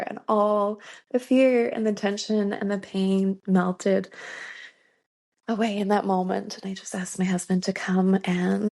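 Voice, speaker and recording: Woman, 30s, very creaky gravelly voice, mid pitch, earnest storytelling, lots of "like", podcast guest. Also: flat delivery, moderate pace, darkish tone. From Canada. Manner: earnest, many "like" fillers, laughs often. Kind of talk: personal storytelling in a podcast interview.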